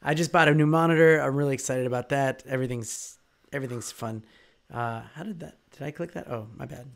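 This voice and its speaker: A man co-hosting a casual live-stream chat, talking in a relaxed, rambling way. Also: medium pitch, a little fast, creaky. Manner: relaxed, rambling, chuckles while explaining.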